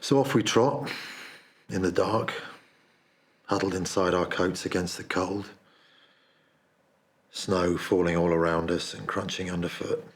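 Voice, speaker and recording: A man's voice: deep voice, fairly even intonation, a little slow, pauses often. A man playing a haunted, remorseful confessor. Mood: haunted, confessional. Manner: hushed, confessional storytelling. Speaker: actor performing a monologue. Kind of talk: dramatic monologue.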